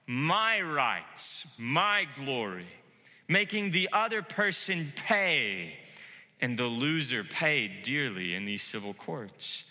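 A man preaching a sermon, measured and emphatic, asking rhetorical questions. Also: fairly high pitch, pushed and bright, big-room sound. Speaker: pastor.

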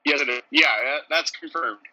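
A man's voice: a little high, brisk, sharp tone, dry recording, low-quality recording. A man in a casual podcast chat, dryly offering trivia and facts.

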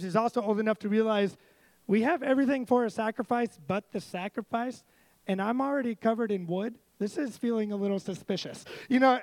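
A man's voice: sits high, no echo, poor audio. A man preaching a casual sermon, telling a Bible story and joking as he acts out the voices.

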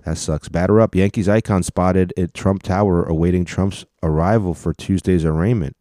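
A man's voice: sits low, fairly even intonation, moderate pace, warm tone, dry recording, clean studio sound. A man hosting a casual solo podcast, reading news headlines aloud and adding sarcastic commentary. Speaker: podcast host.

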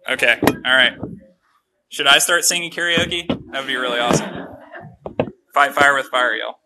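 A man's voice: mid-range voice, normal speed, noisy background. A young adult man preaching a casual sermon, telling a personal story with many fillers and asides. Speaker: pastor.

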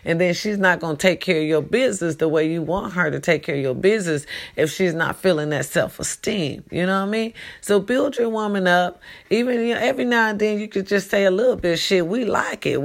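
Gravelly woman hosting her own talk show, preachy and animated, cussing, calling everyone y'all and baby. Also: fairly low pitch. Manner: animated, preachy, swears freely, addresses listeners as y'all and baby. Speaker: podcast host. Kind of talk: casual live talk show monologue.

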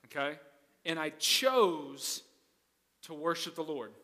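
High, bright-voiced preacher man. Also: animated, takes it slowly, big-room sound. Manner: conversational, asks the congregation questions. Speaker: pastor. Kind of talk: sermon.

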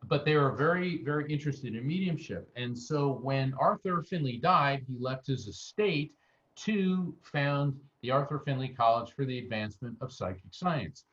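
An American man, appearing as a guest medium in an interview, tells anecdotes with animation and acts out the people he quotes. His voice sits at medium pitch and moves at a moderate pace. The audio sounds dull.

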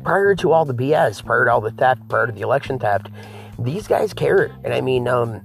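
Gravelly dude hosting a political rant show, keeps saying folks, music faint in the back. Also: male voice, medium pitch, animated, moderate pace. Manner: preachy, addresses viewers as folks and guys. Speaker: political talk show host. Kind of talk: ranting political commentary.

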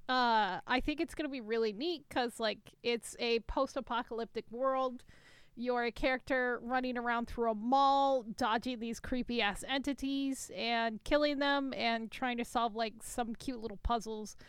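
A woman co-hosting a casual podcast about video games, giggly, profane and animated. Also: fairly high pitch, a little slow, smooth, no room sound. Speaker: podcast co-host.

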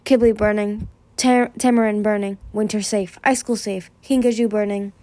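A woman's voice: mid-range voice, steady tone, moderate pace, dark tone, no echo. A woman reading a young-adult fantasy novel aloud, lifting her voice for urgent dialogue. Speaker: audiobook reader. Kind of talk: fan audiobook reading.

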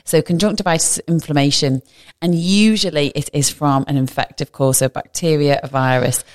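Low-voiced woman explaining medicine. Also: fairly even intonation, moderate pace, a little mellow. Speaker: medical guest explaining eye infections. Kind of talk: casual explanatory chat.

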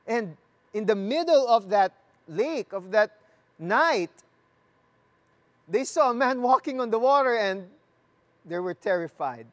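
A preacher gives a sermon and reads scripture aloud. The delivery is slow and deliberate, with phrases repeated, and the preacher asks the listeners questions and jokes with them. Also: mid-range voice, lively intonation.

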